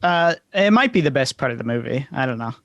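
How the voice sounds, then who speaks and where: A man's voice: medium pitch, animated, fast, fairly bright tone, dry recording, lo-fi sound. A man co-hosting a podcast in casual chat about films, stammering and searching for words as he works out his view. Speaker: podcast co-host. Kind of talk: casual film discussion.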